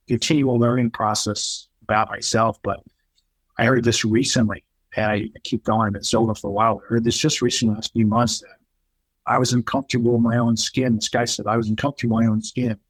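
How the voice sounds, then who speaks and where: A man's voice: medium pitch, brisk, no room sound, rough recording. Middle-aged new guy telling his story on a podcast, dry close sound, acts out the quotes. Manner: candid, animated retelling with quoted voices. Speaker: podcast guest. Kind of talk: casual storytelling.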